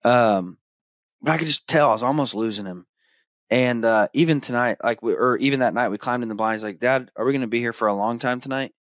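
Excited man telling a hunting story. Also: medium pitch, brisk, dry recording. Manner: animated storyteller, acts out his son's excited shouts. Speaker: podcast host. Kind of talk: casual storytelling.

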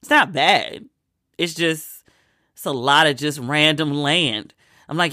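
Vlogger from Maryland, home sick, easygoing chatter with acted-out quotes, bright voice, dry room. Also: mid-range voice, slow pace, dry recording. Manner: chatty storyteller, acts out quoted lines. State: sick with a cold. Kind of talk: casual chatty monologue.

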